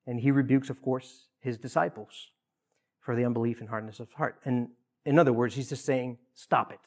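A man's voice: mid-range voice, steady tone, normal speed, a little mellow. A man preaching a sermon, earnest, with emphatic rises and repeated phrases.

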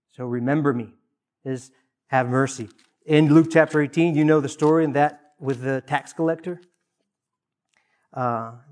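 A male pastor delivers a sermon in an ordinary mid-pitched voice. His delivery is earnest. He leans hard on emphasis, then falls back to hushed, quiet lines. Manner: earnest preaching, swinging between loud emphasis and hushed asides.

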